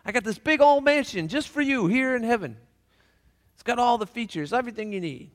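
A man's voice: very high-pitched, lively intonation, fairly quick, big-room sound, pitched above the performer's own voice. A man voicing a folksy, welcoming Saint Peter at heaven's gate in a joke. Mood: chummy. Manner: easygoing, chummy storyteller's put-on.

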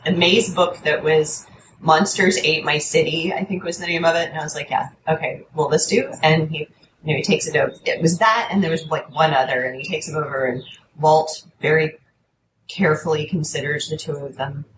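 Low-voiced woman telling a lively story. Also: brisk, echoey room, a little hiss or hum, poor audio. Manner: animated, swearing, acts out quotes in a high voice. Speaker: storyteller guest. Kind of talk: casual chat.

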